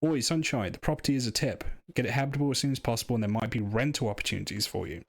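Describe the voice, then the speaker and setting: A man's voice: mid-range voice, rapid-fire, creaky. A man voicing a pushy male loan-shark landlord, brash and cocky.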